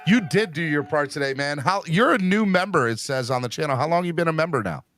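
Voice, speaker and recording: A man hosting a fan podcast in an excitable, casual way. He repeats himself and keeps calling people "man" and "bro". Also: a little high, fast, a little hiss or hum. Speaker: podcast host. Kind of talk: casual chat.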